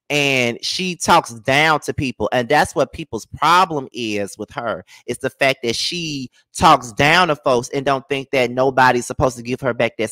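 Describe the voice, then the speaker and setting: A man's voice: fairly high pitch, a bit bright, no room sound. A man recapping a reality TV episode in a blunt, sassy, slang-heavy manner. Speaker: reality TV reviewer. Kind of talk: casual recap commentary.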